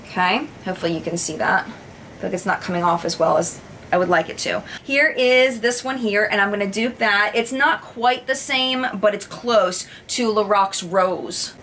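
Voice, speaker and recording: A woman beauty vlogger doing a makeup review, showing swatches, gushing and exclaiming with excitement. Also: medium pitch, normal speed, a little hiss or hum.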